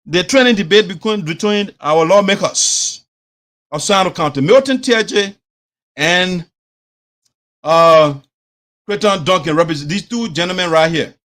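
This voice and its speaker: A Liberian man hosting an opinionated commentary show. He talks in an animated way, mixes in phrases of his local language, and mimics the people he talks about. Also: high-pitched, measured pace, pauses often. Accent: Liberian English. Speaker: host.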